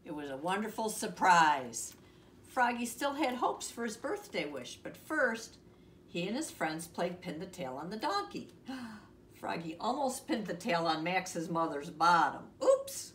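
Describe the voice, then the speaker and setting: A woman reading a children's picture book aloud with expressive voices and chatty asides to the listener. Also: fairly low pitch, measured pace, far from the mic. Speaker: storyteller. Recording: echoey room, off-mic, faint hiss.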